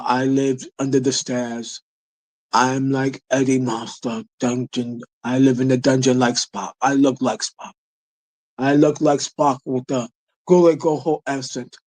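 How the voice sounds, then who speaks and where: A man's voice: mid-range voice, a little mellow, no room sound, lightly acted, rough recording. A man doing a mocking impression of a self-loathing, slovenly woman, stammering and mumbling through her confessions.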